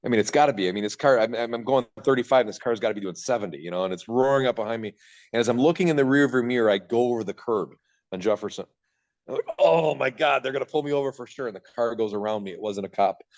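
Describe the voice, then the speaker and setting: Fast-talking low-voiced man telling his story. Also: darkish tone. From Michigan, USA. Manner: rambling, self-interrupting, acts out his own past thoughts. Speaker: podcast guest. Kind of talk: candid storytelling in a podcast interview. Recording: dull lo-fi sound.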